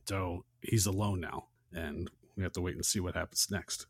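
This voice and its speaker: A man's voice: sits low, steady tone, normal speed, slightly rough, no echo, clean studio sound. A man co-hosting a podcast, recapping a film scene in a casual chat with long chains of "and". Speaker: podcast co-host.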